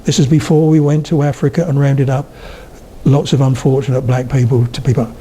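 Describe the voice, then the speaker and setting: Older man giving a lively lecture. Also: mid-range voice, fairly quick, slight background noise. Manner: chatty storyteller, slips into accent demonstrations. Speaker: guest speaker on spoken English. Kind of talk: public lecture.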